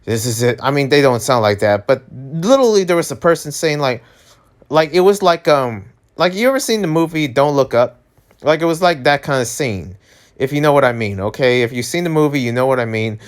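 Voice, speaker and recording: A man's voice: medium pitch, lively intonation, a little fast. A young man talking casually in a rambling, filler-heavy vlog monologue. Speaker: vlogger.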